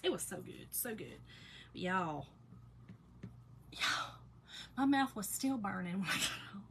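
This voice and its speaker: A middle-aged woman talks casually to her livestream viewers as she works on a craft at the table. Her voice is bright and clear, with a chatty, down-home manner. A faint hiss sits under the recording. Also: medium pitch, lively intonation, a little slow.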